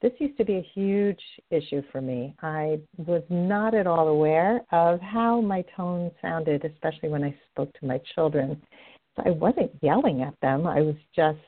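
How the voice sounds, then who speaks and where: Middle-aged woman host, chatty and upbeat, lowish voice, sounds like a phone line. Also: moderate pace. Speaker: radio show host and love coach. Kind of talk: podcast host monologue. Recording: tinny phone-line audio.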